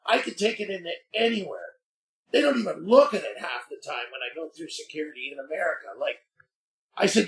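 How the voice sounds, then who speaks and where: A man, a podcast guest, telling a story in casual chat, animated and exasperated, acting out the dialogue. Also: on the high side, a little fast.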